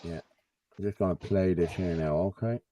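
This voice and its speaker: A man's voice: deep voice, normal speed, warm tone, recorded from a distance, slight background noise. A man hosting a live stream, chatting casually and reading out viewer messages. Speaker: show host.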